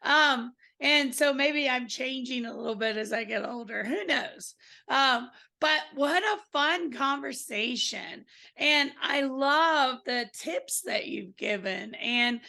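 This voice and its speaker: A woman hosting a spiritual podcast, hoarse today, chatting casually and effusively with her guest. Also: sits high, takes it slowly, pushed and bright. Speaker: podcast host. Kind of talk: casual interview chat.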